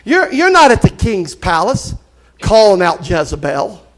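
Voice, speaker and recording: A man preaching a live church sermon, impassioned and folksy, with bursts of shouting. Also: high-pitched, wildly swooping pitch, a little slow. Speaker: pastor. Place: church sanctuary.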